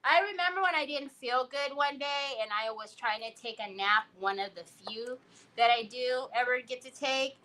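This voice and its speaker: A woman hosting a live crafting stream, chatting casually and telling animated stories as she works. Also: high voice, normal speed, poor audio. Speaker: craft livestream host.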